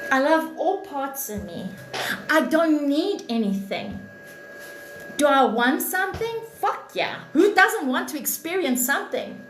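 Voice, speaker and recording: High-pitched, blunt, profane woman streamer. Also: a bit bright. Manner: blunt, profane, preachy and emphatic. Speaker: live stream host, spiritual reader. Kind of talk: impassioned livestream monologue. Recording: echoey room with faint noise.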